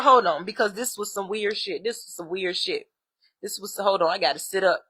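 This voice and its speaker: Bright-voiced woman ranting bluntly. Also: mid-range voice, a little fast. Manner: blunt, heavy swearing, animated and exasperated. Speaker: spiritual vlogger. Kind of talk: profane ranting monologue.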